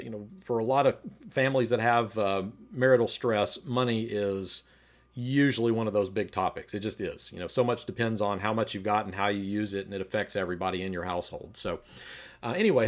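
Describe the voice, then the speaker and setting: A man teaching a relationships class at church in a relaxed, conversational way, reading viewer comments and acting out short argument examples. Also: mid-range voice. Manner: conversational, acts out quoted arguments. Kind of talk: livestreamed teaching talk.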